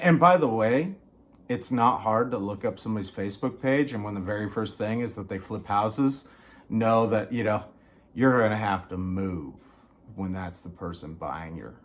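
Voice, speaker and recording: A man vents in a loose, casual rant, cursing freely and slipping into other people's voices as he retells what they said. His pitch swings widely, from low mutters to sharp, raised bursts of anger. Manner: heated, swearing often, acts out others' lines. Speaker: vlogger. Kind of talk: casual ranting storytelling. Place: small studio apartment.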